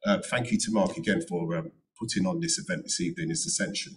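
A man's voice: on the low side, huge pitch swings, fast, vocal fry, recorded from a distance, background noise. A middle-aged man speaking on a panel at a careers event, giving earnest, emphatic advice and repeating key phrases. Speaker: panel speaker, notary and former solicitor. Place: event room.

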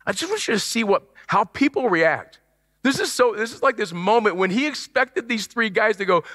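A male pastor preaching a sermon in an animated way, acting out the voices he quotes, in a church auditorium. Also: sits high, normal speed. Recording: long church hall reverb.

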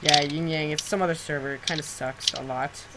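A teenage boy chatting casually while gaming with a friend, excitable and quick to shout, his throat sore from screaming. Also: a little high, crowd noise, low-quality recording. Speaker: gameplay commentator. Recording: loud keyboard typing and clicks.

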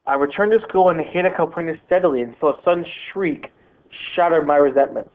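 Male teacher narrating a novel, steady and plain, slightly high, phone-line sound. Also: a little fast. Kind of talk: reading a novel aloud.

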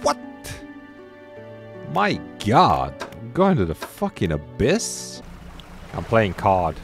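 A man giving loud, excitable gameplay commentary that swears and shouts when something startles him. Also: lowish voice, takes it slowly, soft background music. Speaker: gameplay streamer.

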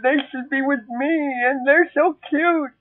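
A man putting on a very high, squeaky voice for a shy teenage girl puppet who stumbles over every sentence and keeps going teary. She talks slowly, and the sound is thin and tinny like a phone line, flat and dry. She is nervous, awkward and crying over her love of cats. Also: no room sound. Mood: tearful gushing. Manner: halting, full of ums, breaks into tearful gushing. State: tearful. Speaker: puppet character. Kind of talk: comedic puppet monologue.

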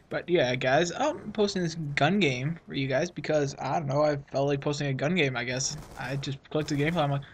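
Teen guy rambling over his gameplay, kinda high voice, sniffly, little bit of hiss. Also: fairly quick, hardly any pauses. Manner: rambling, self-mocking, jokey. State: runny nose, sniffling. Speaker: gaming channel host. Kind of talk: casual gameplay commentary.

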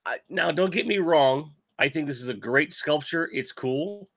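Gravelly-voiced man hosting a toy stream. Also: on the high side, lively intonation, moderate pace, fairly bright tone, no room sound, studio quality. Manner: rambling, self-deprecating, reads chat aloud. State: recovering from covid, sick voice. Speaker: toy channel host. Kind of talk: casual live-stream chat.

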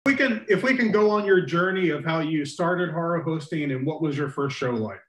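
A man hosting an interview, asking questions with relaxed, chatty asides. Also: fairly high pitch, normal speed. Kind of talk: casual interview. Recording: echoey room.

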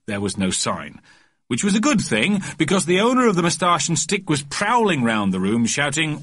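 A man narrating a children's storybook audiobook with a lively, expressive reading. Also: a little high, moderate pace, breathy edge.

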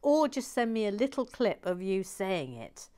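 A woman's voice: mid-range voice, big pitch swings, moderate pace, dark tone, clear, resonant tone. Chatty woman hosting a build stream. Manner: chatty and playful, with frequent asides and fillers. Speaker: host of a brick-building stream. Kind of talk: casual chat reading out viewer comments.

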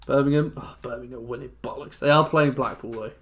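Young man from England, gameplay commentary, rambling, emotional, mid-pitched voice, swings from muttering to shouting. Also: fairly even intonation, a little fast. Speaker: gaming YouTuber.

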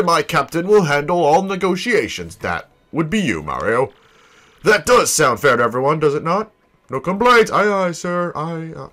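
Pompous boastful captain, voiced by a man: grandiose, drawn out, animated. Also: a little high, voice pushed up. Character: pompous flamboyant male ship captain.

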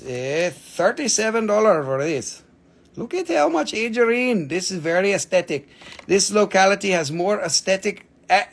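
Brief: excitable male host selling crystals live on a phone, husky high voice, casual cursing. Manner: excitable, chatty, swears casually, laughs often. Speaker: crystal seller hosting a live sale. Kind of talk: live-stream sales chat.

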